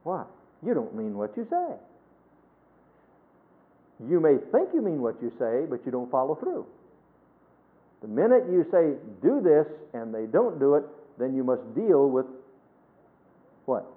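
A man preaching a sermon, emphatic, swinging between loud stresses and hushed phrases and quoting scripture in a measured cadence. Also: fairly high pitch, big pitch swings. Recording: tinny phone-like sermon recording.

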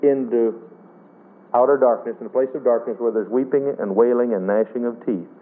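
A man's voice: mid-range voice, fairly even intonation, fairly quick, natural voice. A male preacher speaking as a stern master from a parable, in a commanding way. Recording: tinny radio broadcast.

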